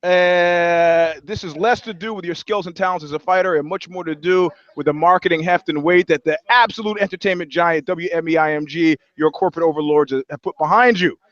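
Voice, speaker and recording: A man with a fairly high voice co-hosts a casual comedy podcast and slips into joking, mock-scolding rants. The sound is dry and close but slightly dull, like a lo-fi recording. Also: fairly even intonation, brisk, few pauses, a bit bright, dry recording. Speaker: podcast co-host.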